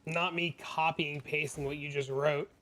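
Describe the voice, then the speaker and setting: Male live streamer, slightly high and bright, chatty, answers chat and tells animated stories at his desk mic. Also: measured pace. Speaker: game streamer.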